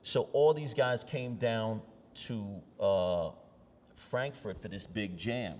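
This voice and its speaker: A middle-aged man talks in a low register. He tells loose, streetwise stories and acts out what people said. His voice carries a long reverb. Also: slow pace, darkish tone, a little hiss or hum. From New York. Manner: loose, streetwise storytelling with acted-out quotes. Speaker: panelist, graffiti artist. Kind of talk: anecdotal storytelling on a panel. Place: outdoor panel event. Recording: long reverb in a large space.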